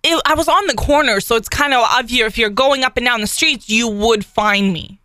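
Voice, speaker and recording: A woman co-hosting a radio show, retelling a mishap in an excitable, laughing way. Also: fairly high pitch, moderate pace, no echo, studio quality. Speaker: radio co-host. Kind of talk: casual chat.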